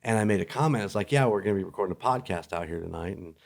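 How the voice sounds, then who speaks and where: Lower-voiced easygoing man chatting. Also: very fast, creaky. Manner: easygoing, laughs a lot, animated when telling stories. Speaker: podcast guest co-host. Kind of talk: casual podcast chat.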